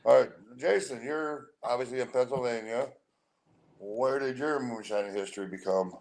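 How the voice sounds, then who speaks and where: A man's voice: medium pitch, normal speed, vocal fry, a little mellow. A man hosting a podcast, asking his guests questions in an easygoing, folksy way. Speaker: podcast host. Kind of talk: casual podcast interview.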